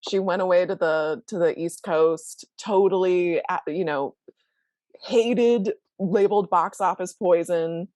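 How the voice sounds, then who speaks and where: A woman co-hosting a podcast, telling film history in a lively, animated way. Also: lowish voice, a little slow, no room sound. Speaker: podcast co-host. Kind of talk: casual film discussion.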